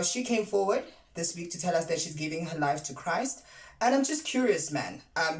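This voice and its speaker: A voice in a casual commentary vlog, chatty and sassy, firing rhetorical questions at the audience. The pitch sits mid-range, neither high nor low. The sound carries a roomy echo. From South Africa. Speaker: commentary vlogger.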